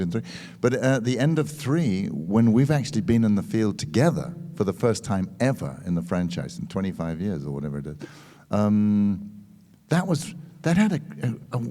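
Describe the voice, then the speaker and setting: English male panel guest, expressive self-deprecating raconteur, mellow low tone. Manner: lively, self-mocking storyteller. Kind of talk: animated anecdote on a panel. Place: expo stage panel.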